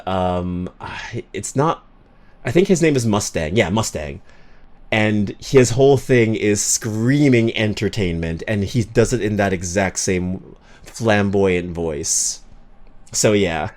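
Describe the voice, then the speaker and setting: A male streamer talks casually to his viewers in a somewhat low voice. He rambles and restarts his thoughts, sliding into quiet mutters before bursting into loud, hyped shout-outs.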